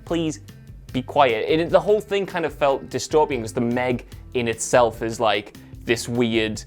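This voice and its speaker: A man's voice: medium pitch, moderate pace, soft background music. A man telling a comic anecdote to camera, wry with sarcastic asides. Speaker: film pundit.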